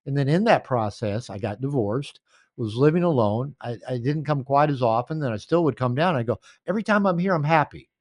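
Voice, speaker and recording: A man's voice: mid-range voice, brisk, a little mellow, no room sound. An older man telling stories in a podcast interview, rambling and anecdotal, recorded at home. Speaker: author and coach.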